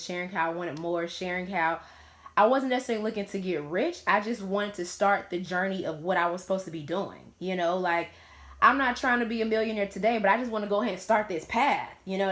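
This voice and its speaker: A woman's voice: lowish voice, fairly bright tone. A woman in her late twenties, hosting a live Q&A, who shares her personal story in a casual, candid way and swears freely. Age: late 20s. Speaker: host of a live Q&A stream. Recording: roomy echo.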